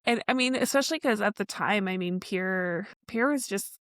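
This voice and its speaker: Woman, podcast guest, casual friendly talk, medium pitch, dry room. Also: moderate pace, a bit bright, dry recording. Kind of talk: casual conversation.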